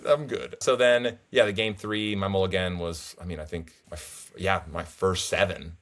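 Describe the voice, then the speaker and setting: A young man recapping his card tournament games in casual, animated, rambling storytelling full of restarts. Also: sits low, moderate pace, slight background noise. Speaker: tournament player guest.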